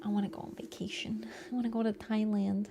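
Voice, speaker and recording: A woman's voice: mid-range voice, little pitch movement, quick pace, creaky, background noise. A young woman game streamer wrapping up her livestream in a rambling, chatty way, with casual swearing. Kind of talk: casual livestream sign-off chat.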